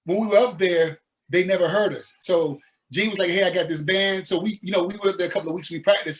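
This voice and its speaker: A man from the American South, a musician guest telling his story in a laid-back, animated way with slang. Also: high-pitched. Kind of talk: casual interview storytelling.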